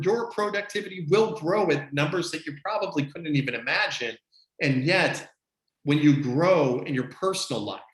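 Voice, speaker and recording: An upbeat man gives a motivational coaching talk, his voice sitting a bit high for a man. He leans on emphatic, preacher-like repetition to drive each point home. The sound is echoey, as if he is speaking on a call from a bare room. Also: a bit bright. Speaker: business coach. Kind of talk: motivational team-meeting talk. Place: online video call.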